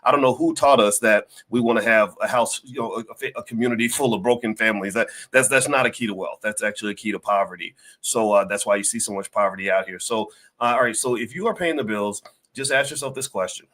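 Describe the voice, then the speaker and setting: A man's voice: fairly low pitch, fast, a bit bright. A middle-aged man, a finance professor, hosting a livestream and talking to his chat in a folksy, preachy way, full of fillers and little acted-out scenes. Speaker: finance professor and show host. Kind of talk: livestream talk to chat viewers.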